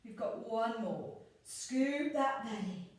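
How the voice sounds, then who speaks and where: Calm woman coaching a pilates class. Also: a little high, slow pace, recorded from a distance. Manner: calm, encouraging, counts reps and cues breathing. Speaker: pilates instructor. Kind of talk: guided exercise class instruction. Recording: echoey room, voice a bit off-mic.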